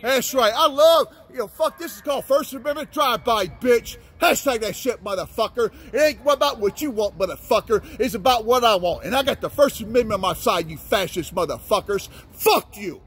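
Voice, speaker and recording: A man in a car shouting a profane, angry rant at police. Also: extremely high pitch, lively intonation, fairly quick, hardly any pauses, breathy edge. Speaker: vlogger. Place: in a car driving by.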